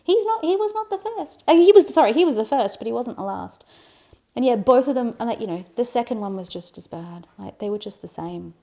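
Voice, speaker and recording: A young adult woman on a podcast, telling a story in a lively, casual way, swearing and acting out quotes in a loud voice. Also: a little high, brisk, vocal fry. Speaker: podcast co-host.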